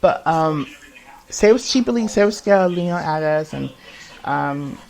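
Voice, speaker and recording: A man's voice: on the high side, animated, gravelly, a little mellow, rough recording. A man alone at the mic, pouring out a confessional monologue for his podcast. He stumbles and restarts constantly, circling back over the same words. His speech is full of swearing and runs raw and agitated throughout. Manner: rambling and halting, with many restarts and repeats; heavy swearing. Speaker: podcast host.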